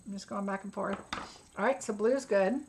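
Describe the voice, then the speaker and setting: A woman hosts a relaxed craft tutorial at an ordinary pitch. She talks viewers through each step in a chatty, instructive way, musing aloud about her choices as she works. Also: normal speed, slight background noise, rough recording. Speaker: craft demonstrator.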